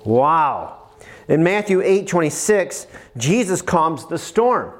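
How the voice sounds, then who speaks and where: A man preaching a sermon, emphatic and animated, with bursts of praise. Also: on the high side, slow pace.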